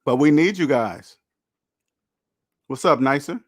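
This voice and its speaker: A man's voice: mid-range voice, expressive, takes it slowly, dry recording. A man hosting a personal finance livestream, lecturing emphatically with rhetorical questions and answering chat. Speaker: personal finance show host.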